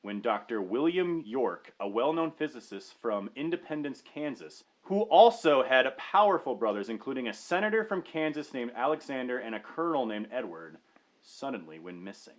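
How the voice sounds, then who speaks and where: A man's voice: mid-range voice, very animated, normal speed. A young man casually telling a story as a podcast co-host, full of filler likes. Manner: rambling with lots of filler likes.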